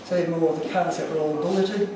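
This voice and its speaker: Man, earnest, emotional storyteller, high voice, distant mic, very echoey hall. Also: steady tone, fast, very noisy. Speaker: speaker. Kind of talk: illustrated talk to an audience. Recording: echoey room from far off.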